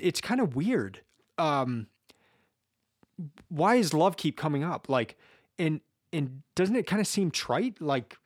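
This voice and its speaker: A man's voice: on the high side, dry recording, clean studio sound. A man giving a casual, reflective talk, stumbling through many repeated starts as he thinks aloud. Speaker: speaker discussing a book series.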